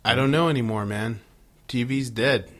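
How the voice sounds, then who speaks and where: A male podcast co-host in easygoing chat, recapping a show with crude jokes and running commentary. His voice sits in an ordinary middle pitch. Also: moderate pace. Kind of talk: casual chat.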